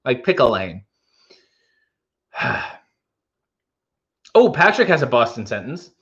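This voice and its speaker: A man's voice: medium pitch, sing-song, slow, pauses often, a bit bright, dull audio. A man hosting a livestream in casual chat, reading out viewer comments with rambling, wry asides. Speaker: livestream host.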